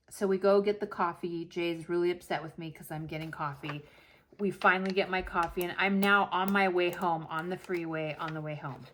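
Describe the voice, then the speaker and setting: Fairly low-pitched and brisk, this woman in her forties is heard over a little hiss or hum. The planner vlogger relates a lengthy story in a chatty style, animatedly acting out the quotes.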